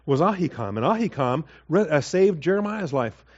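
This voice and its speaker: A man giving a conversational verse-by-verse Bible teaching, with asides and quick acted quotes. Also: a little high, big pitch swings, husky, lo-fi sound.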